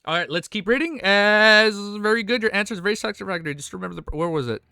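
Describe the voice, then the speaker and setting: Young male streamer, bright and fairly high voice, reads chapters aloud and keeps breaking off into emotional, profane reactions. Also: quick pace, gravelly, clear, resonant tone, dry recording, studio quality. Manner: emotional, swearing, slang-heavy, trips over words. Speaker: streamer reading a web novel aloud. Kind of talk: live reaction stream, reading aloud and commenting.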